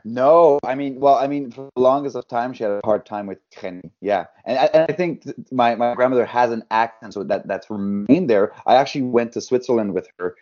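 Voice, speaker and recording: A man's voice: mid-range voice, brisk, hardly any pauses, muffled recording. A man from Canada, a podcast guest, telling stories in casual chat and acting out the people in them. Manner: storytelling, quoting people in voices.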